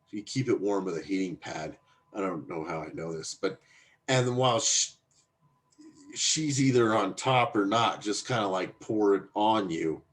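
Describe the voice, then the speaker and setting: Crude, joking man with a lively voice. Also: fairly low pitch. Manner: crude, joking, shameless banter. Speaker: podcast guest. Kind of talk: casual podcast chat.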